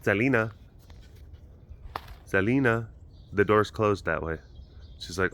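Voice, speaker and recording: Lowish-voiced guy rambling on his vlog, lots of likes and you knows. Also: measured pace, pauses often, a bit bright, a little hiss or hum. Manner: rambling, chatty storytelling with frequent fillers. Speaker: vlog host at a wild animal facility. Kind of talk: casual chat.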